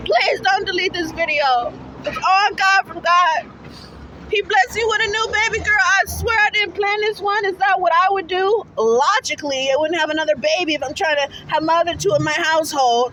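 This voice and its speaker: A young adult woman delivering an emphatic, accusatory rant to camera. She swings between low pleading and shouting. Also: normal speed, crowd noise, background noise. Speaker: mother appealing for her child's return. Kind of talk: impassioned direct-to-camera rant.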